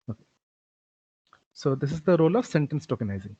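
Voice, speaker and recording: A man's voice: on the high side, sing-song, a little fast, long pauses, a little mellow, breathy edge, no room sound. Man explaining code in a lecture. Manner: explanatory, frequent "okay" and "uh" fillers. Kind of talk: recorded coding lecture. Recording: dull, lo-fi dry recording.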